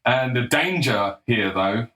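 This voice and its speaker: A man's voice: mid-range voice, lively intonation, slow pace, pushed and bright, rough recording. A young man giving a blunt, combative, sarcastic opinion monologue, swearing freely. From England. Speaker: political commentator.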